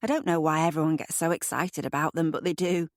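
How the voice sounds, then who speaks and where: An emphatic British man, his pitch jumping up as he protests. The sound is dry and close. A woman acts him out in an audiobook. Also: fairly even intonation, fast, dry recording, lightly acted. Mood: indignant. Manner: emphatic, rising sharply in pitch.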